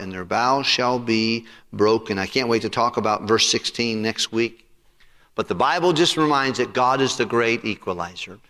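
Pastor, male, forceful bright tone, preaching sermon with call-and-response questions, church hall reverb. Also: mid-range voice. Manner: preaching with rising emphasis and congregational questions. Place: church sanctuary.

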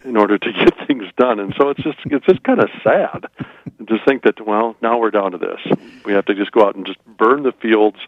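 A man's voice: fairly low pitch, fairly quick, dry recording, dull audio. A man from Minnesota, a weekly guest on a radio talk show, chatting in a rambling, folksy, joking way. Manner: folksy, rambling and joking, often putting on small-town voices. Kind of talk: casual radio banter.

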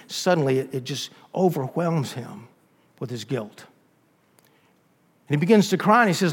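A man's voice: mid-range voice, lively intonation, moderate pace, pauses often, breathy edge. A man preaching a sermon as a dramatic story, acting out the people in it with rising intensity. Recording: long reverb of a large hall.

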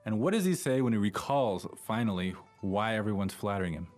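A man's voice: on the low side, expressive, fairly quick. A man co-hosting a bilingual language podcast in a studio. He is inquisitive, spelling out tones and meanings, with faint music in the background. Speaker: podcast co-host, learner's side.

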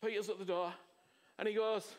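A man preaching a sermon, emphatic, with rhetorical questions, swinging from loud exclamations to hushed words. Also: sits high, level tone, brisk.

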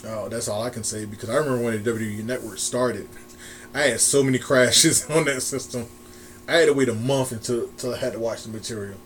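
A man's voice: medium pitch, fast talker, crowd noise. A man co-hosting a casual wrestling chat podcast, rambling with restarts and frequent laughs. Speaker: podcast co-host.

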